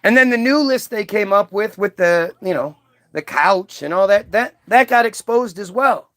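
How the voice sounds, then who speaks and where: High-voiced man ranting, dry close sound. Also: expressive, moderate pace, fairly bright tone, dry recording. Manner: ranting, profane, repeats words when worked up. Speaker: commentator. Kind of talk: heated commentary while reading aloud.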